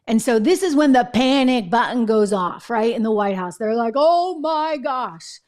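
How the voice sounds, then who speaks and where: Emphatic high-voiced woman host. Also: moderate pace, darkish tone. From New England, United States. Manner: emphatic, conversational, asks viewers "right?". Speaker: political show host. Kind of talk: opinionated commentary.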